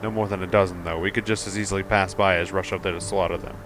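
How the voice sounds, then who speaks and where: A man reading out the lines of a gruff male warrior in a story game, in a plain, slightly raised voice. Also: low-pitched, fairly even intonation, fast talker, music in the background, lightly acted. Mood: alert. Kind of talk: reading game dialogue aloud.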